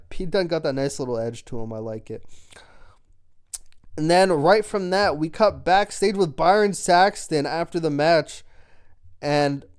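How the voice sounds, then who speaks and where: A man with a smooth, clear voice that sits a little high, talking through a wrestling episode. He rambles with plenty of fillers and drops casual swears along the way. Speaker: wrestling show reviewer. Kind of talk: casual recap chat.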